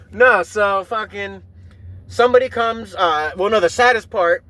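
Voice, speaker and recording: A man's voice: high-pitched, a little slow, bright, forceful tone, dry recording. A man hosting a podcast, rambling emotionally and with a lot of swearing while driving his car. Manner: profane, rambling, emotional storytelling. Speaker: podcast host. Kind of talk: rambling casual monologue.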